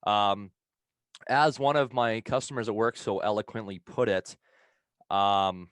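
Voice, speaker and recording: A low-pitched man tells a long, rambling story on a podcast, swearing freely and laughing between lines. His voice is dry and close to the mic, with no room sound around it. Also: steady tone, a little slow, clear, resonant tone, no echo. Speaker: podcast co-host telling a story.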